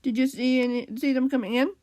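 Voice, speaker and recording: Girl doing a cheery lil boy voice, kinda high and eager. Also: steady tone, fast, a little mellow, dry recording, close to an everyday voice.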